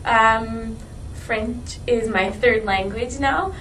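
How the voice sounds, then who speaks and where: A woman's voice: on the high side, very slow, a bit bright. Hesitant young woman, recorded from afar. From Quebec, Canada. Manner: hesitant, many ums and uhs. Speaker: interviewee. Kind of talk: casual personal account. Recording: distant mic with faint background noise.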